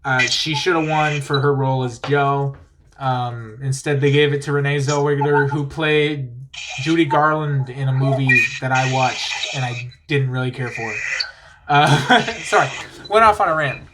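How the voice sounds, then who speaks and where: A man's voice: medium pitch, unhurried, background noise. A man hosting a podcast, chatting casually, rambling enthusiastically and laughing easily. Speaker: podcast host. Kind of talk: casual chat.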